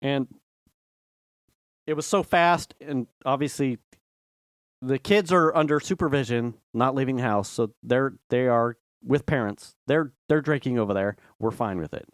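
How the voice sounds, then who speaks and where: A middle-aged man co-hosting a podcast, telling a rambling, animated story in casual chat and acting out quotes. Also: medium pitch, measured pace, no echo, studio quality. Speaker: podcast co-host.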